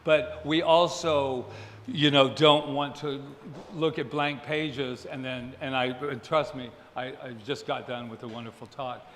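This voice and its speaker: A man's voice: medium pitch, steady tone, measured pace, a bit bright, slight background noise. A man who leads a spiritual center, making casual church announcements with a joking, self-deprecating manner. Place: church hall. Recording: echoey hall, faint ambience.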